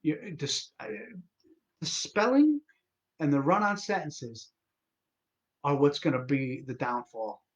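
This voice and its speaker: A man's voice: a little high, animated, slow pace, pauses often, muffled recording. A man hosting his own live stream, sick and tired, ranting with exasperation and lots of swearing and false starts. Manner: exasperated, profane ranting with many restarts.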